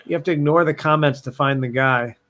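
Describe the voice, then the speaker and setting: A man's voice: on the high side, brisk, fairly bright tone. A man hosting a live question session, upbeat as he reads out viewer questions. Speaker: host. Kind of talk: live Q&A chat.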